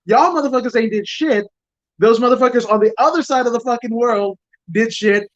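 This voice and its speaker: A man's voice: very high-pitched, brisk, no room sound. A man rambles through casual podcast chat, swearing at every turn and tripping over his own restarts. His voice comes through a lo-fi, muffled stream connection. It sounds dry, with no room behind it. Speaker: guest. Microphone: home mic over streaming software.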